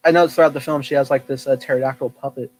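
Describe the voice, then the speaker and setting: A man's voice: medium pitch, fairly even intonation, fast talker, darkish tone, low-quality recording. A man hosting a podcast, chatting casually about films and acting out his own reactions. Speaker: podcast host. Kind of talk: casual film review chat.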